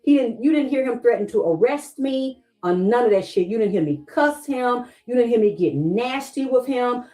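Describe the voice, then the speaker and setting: A woman's voice: on the high side, animated, moderate pace, hardly any pauses, dark tone, poor audio. Insistent Southern woman on a livestream. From Southern United States. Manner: insistent, repeats questions, reads viewer comments aloud. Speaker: livestream host. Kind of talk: emotional livestream talk to viewers.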